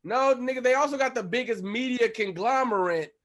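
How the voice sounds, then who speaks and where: A man on a comedy panel telling quick stories, restarting his sentences and acting out quotes. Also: extremely high pitch, crowd noise. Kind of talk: casual comedic banter.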